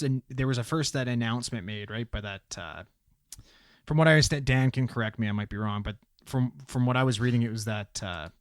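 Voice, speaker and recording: A man's voice: medium pitch, dry recording, studio quality. A man co-hosting a casual podcast chat, talking bluntly and swearing freely. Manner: blunt and heavily profane. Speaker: podcast co-host.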